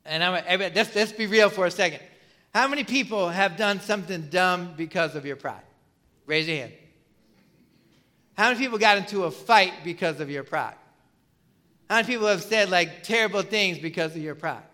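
Bright-voiced man preaching conversationally. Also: high voice, brisk. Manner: conversational preaching with rhetorical questions and fillers. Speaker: pastor. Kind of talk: sermon.

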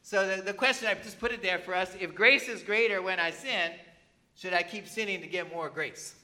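A pastor preaching a conversational sermon in church, often asking the congregation questions. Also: male voice, sits high, moderate pace, bright, forceful tone. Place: church with slides on a screen.

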